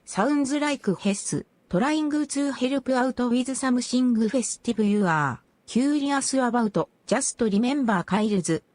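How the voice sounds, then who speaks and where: A woman's voice: fairly high pitch, a little mellow, no echo, natural voice. A synthetic woman's voice playing a chaotic, teasing cat-girl creature who chatters at top speed. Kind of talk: rapid chatbot reply in character.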